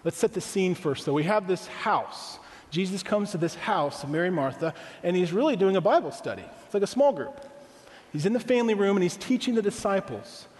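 A man with a high voice preaches as pastor, keeping it conversational and tossing rhetorical questions to the congregation. His words ring out with a long echo around a large hall. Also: lively intonation, fairly quick, darkish tone. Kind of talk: sermon.

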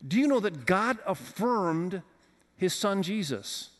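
A pastor with a high, expressive, fairly bright voice preaches slowly, with a long reverb tail behind him. He talks conversationally and questions the congregation at his multi-campus church.

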